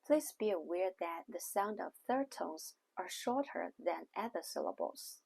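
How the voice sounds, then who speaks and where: A woman teaching a language lesson in a scripted way, speaking slowly and carefully and demonstrating sounds one at a time. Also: on the low side, lively intonation, gravelly, darkish tone, breathy edge. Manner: slow, careful, demonstrating tones on single syllables.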